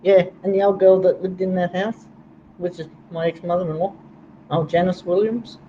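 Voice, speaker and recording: A woman from Tasmania, hosting a relaxed, laughing chat. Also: on the low side, normal speed. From Tasmania, Australia. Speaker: livestream host. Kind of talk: casual chat. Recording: dull lo-fi with faint noise.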